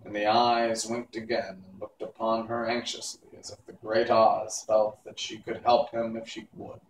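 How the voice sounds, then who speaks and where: A man reading a classic storybook aloud in a measured, even way. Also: on the low side, echoey room, distant mic, a little hiss or hum, low-quality recording. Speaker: reader.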